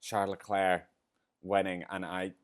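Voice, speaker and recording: A man hosting a podcast, chatting casually and excitably through a race review, rambling and getting teary and choked up along the way. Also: sits low, measured pace, clean tone. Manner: excitable, rambling, gets emotional. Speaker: podcast host.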